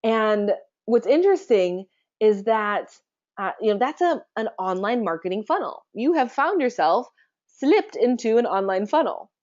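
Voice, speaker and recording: A woman's voice: fairly high pitch, measured pace. Chatty woman presenting a webinar, dull audio. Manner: asks rhetorical questions, relaxed and chatty.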